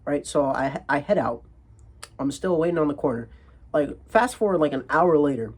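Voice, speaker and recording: Husky young man telling a profane story. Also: a little high, a little fast. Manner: animated, heavily profane, rambling with restarts. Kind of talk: comedic storytime monologue.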